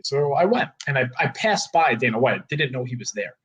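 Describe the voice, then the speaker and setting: A man in his thirties, a guest telling a story in casual, animated chat, full of "like" and casual swearing. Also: mid-range voice, normal speed, muffled recording. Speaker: guest, co-owner of a fight-gear retailer.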